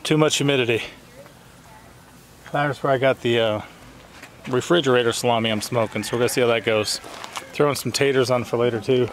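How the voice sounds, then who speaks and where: A man's voice: mid-range voice, steady tone, a little fast, pauses often. A man hosting a homestead vlog outdoors by his smokehouse, chatting casually and playfully with his family and his guest. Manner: chatty, playful, talks to his kids and animals. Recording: noisy outdoor farm ambience.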